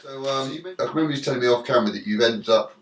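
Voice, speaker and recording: A man's voice: mid-range voice, racing, reverberant, a little hiss or hum. A man interviewing a guest, prompting him with short questions.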